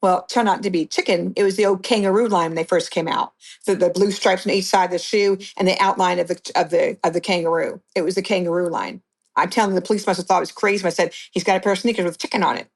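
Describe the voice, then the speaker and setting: Middle-aged woman guest, slightly low voice, blunt storyteller who restarts often. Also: steady tone, fast. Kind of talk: personal account in an interview.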